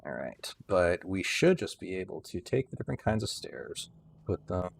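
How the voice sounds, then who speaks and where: A man's voice: low voice, very animated, moderate pace, creaky, a little hiss or hum. A man livestreaming a building game, rambling casually with many restarts and some dry sarcasm.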